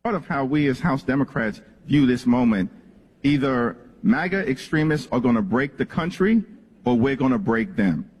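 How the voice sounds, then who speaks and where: A man's voice: mid-range voice, animated, moderate pace, darkish tone, husky. A man giving a firm, combative public statement, heard in a played clip. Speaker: politician at a press event. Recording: clip with long hall reverb.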